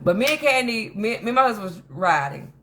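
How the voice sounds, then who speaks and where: A woman hosting a casual commentary monologue, telling stories in an animated, emphatic way that rambles with frequent restarts. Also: a little high, fairly quick, slight background noise. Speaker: host of a drama commentary channel.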